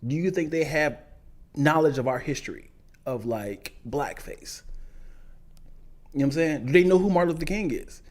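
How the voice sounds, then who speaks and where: Higher-voiced man, playful co-host chat. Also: animated, moderate pace, long pauses. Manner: playful, teasing. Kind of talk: casual chat.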